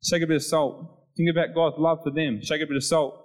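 A man's voice: fairly high pitch, fairly even intonation, fast, poor audio. Chatty man preaching an informal sermon. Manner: chatty, acts out little scenes with voice changes.

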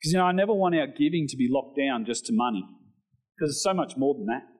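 A man's voice: fast talker, rough recording. A man preaching a sermon, reading scripture and talking directly to the congregation. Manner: animated preaching, rises in pitch on scripture; conversational asides to the congregation. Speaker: pastor.

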